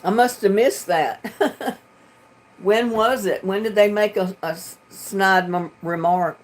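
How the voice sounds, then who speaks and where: Speaking slowly at a medium pitch, this woman from North Carolina talks in a Southern drawl during a casual live chat. She reads her livestream comments from home, laughing frequently, and the sound comes through a computer webcam mic.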